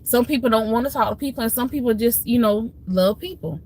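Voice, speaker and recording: A woman's voice: on the high side, brisk, a little mellow. A woman hosting a live stream, talking casually and earnestly to her viewers, telling family stories in a heartfelt, preachy way. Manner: heartfelt, preachy storytelling with Southern Black church phrasing.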